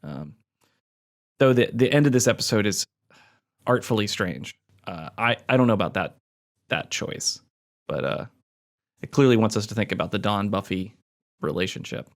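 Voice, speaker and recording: A man's voice: lowish voice, lively intonation, moderate pace, pauses often. A man co-hosting a fan podcast, talking in a rambling, easygoing way. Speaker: podcast co-host. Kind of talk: casual chat.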